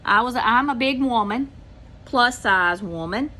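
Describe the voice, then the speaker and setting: Speaking a little slowly, an older Southern woman from Mississippi tells her channel's viewers a long story in a casual, chatty drawl, acting out what everyone said. Her voice is fairly high, animated, pushed and bright, with a little hiss or hum in the background.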